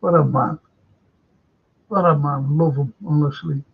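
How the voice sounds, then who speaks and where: Older bloke hosting a stream, slow and husky, reads out comments, dull lo-fi audio. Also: male voice, fairly high pitch, fairly even intonation. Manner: chatty, reads viewer comments aloud. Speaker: show host. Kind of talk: casual live-stream chat.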